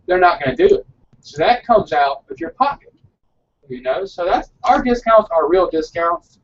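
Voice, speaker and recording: A man's voice: sits high, big pitch swings, normal speed, creaky, far from the mic. Male shop owner, earnest rambler; dull lo-fi recording, faint background noise. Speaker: frozen yogurt shop owner. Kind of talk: casual live broadcast chat.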